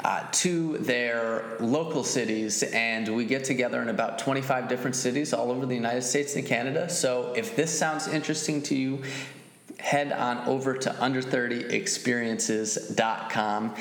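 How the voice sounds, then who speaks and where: A man's voice: medium pitch, normal speed, fairly bright tone. A man hosting a podcast in casual chat, loose and profane with plenty of fillers. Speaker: podcast host.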